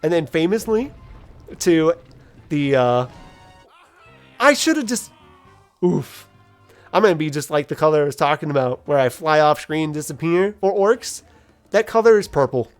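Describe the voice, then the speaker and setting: A man's voice: on the high side, normal speed, pauses often, soft background music. A man giving casual, jokey, rambling commentary while playing a video game. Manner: rambling, animated, jokey storytelling. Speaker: let's play commentator.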